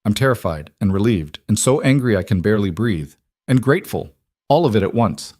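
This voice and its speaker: A man's voice: fairly low pitch, lively intonation, a little fast, darkish tone, no echo, studio quality. A man voicing a frightened young woman on the run. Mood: earnest.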